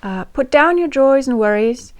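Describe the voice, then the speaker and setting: A woman's voice: sits high, animated, moderate pace, voice pushed up. A woman reading in character as a fifteen-year-old artistic English girl keeping a diary, attempting a West London accent and speaking with small hesitations. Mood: reflective. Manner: chatty, thinking aloud with small hesitations.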